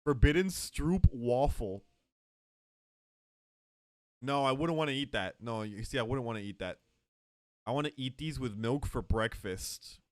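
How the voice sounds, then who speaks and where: A man's voice: medium pitch, measured pace, long pauses, dry recording, clean studio sound. A man streaming live, chatting casually and joking with his chat. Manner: joking, animated, talks to chat.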